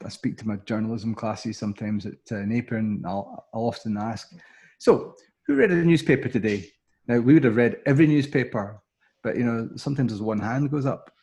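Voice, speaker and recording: A man's voice: on the low side, a little mellow. A middle-aged Scottish man, a sports TV presenter guesting on a podcast, telling humorous stories with many ums and restarts. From Scotland. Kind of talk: casual anecdotal storytelling.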